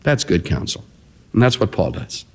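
Man preaching, lively swooping delivery, emphatic drawn-out words, echoing church hall reverb. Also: fairly low pitch. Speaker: pastor. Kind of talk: expository sermon.

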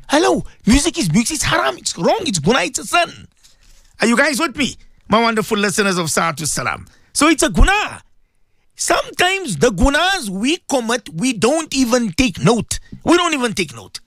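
A man delivers a radio sermon in a high voice that rises and falls in a lively, sing-song way. He talks emphatically, repeats his phrases and keeps checking in with his listeners. The sound is close and dry, with no room around it. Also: normal speed, dry recording. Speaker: Islamic preacher on radio.

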